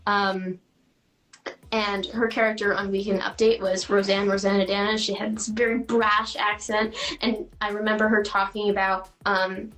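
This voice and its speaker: A woman's voice: mid-range voice, level tone, moderate pace, a bit bright, poor audio. A teenage girl, a guest actress, answering interview questions chattily with lots of fillers and giggles.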